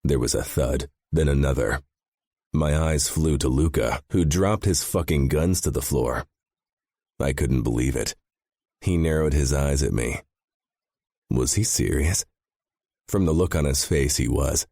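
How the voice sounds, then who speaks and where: Deep male narrator for a first-person audiobook, grim and intense, very dry close sound. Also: a little slow, creaky, long pauses, mellow, dry recording.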